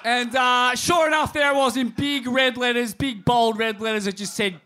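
An Australian man hosting a crude comedy surf podcast, swearing freely through long rambling stories. His voice sits very high and rings bright and forceful, and he shouts often. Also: fairly even intonation, normal speed. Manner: foul-mouthed rambling storyteller, shouting often. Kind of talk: crude comedic surfer banter. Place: in front of a live crowd.

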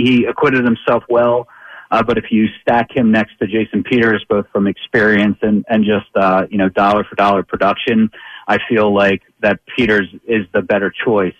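A man on as a guest sports reporter, giving measured football analysis, often pausing on fillers and restarting sentences. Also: fairly low pitch, no echo, highs cut off.

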